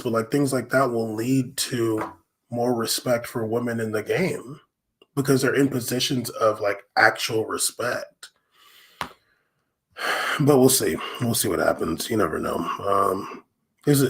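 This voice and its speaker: A man in his own solo podcast riffs in loose, slang-heavy casual talk. He rambles through fillers and restarts and breaks into laughter often. His voice sits at a middling pitch for a man. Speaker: podcast host.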